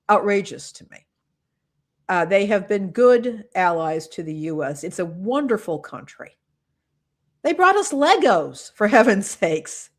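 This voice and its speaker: A woman's voice: lowish voice, expressive, slow pace. A woman from the United States co-hosting a podcast, giving earnest, impassioned political commentary and thinking aloud with frequent restarts. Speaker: podcast co-host.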